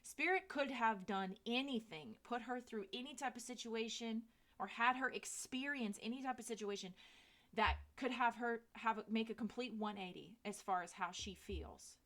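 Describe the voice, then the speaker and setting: A woman's voice: a little high, normal speed, fairly bright tone. A woman in her thirties giving a casual tarot reading, chatty and candid, swearing freely. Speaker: tarot reader.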